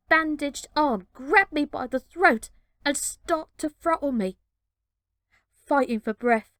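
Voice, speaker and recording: A woman reading a children's adventure storybook aloud with measured, dramatic narration. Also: fairly high pitch, dry recording, clean studio sound.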